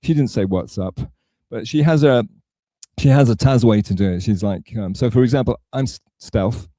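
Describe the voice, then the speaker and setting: A man's voice: medium pitch, normal speed, warm tone, no echo. A man from England talking on a livestream, rambling and self-mocking, with a sarcastic, digressive way of telling a story. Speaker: streamer.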